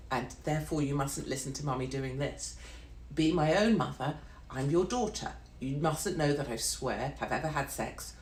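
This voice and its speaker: A middle-aged woman from Britain unloads a brash, sweary, sarcastic rant during a live stream, talking in a ranting monologue. Her voice is low-pitched, and the recording has a roomy echo with slight background noise.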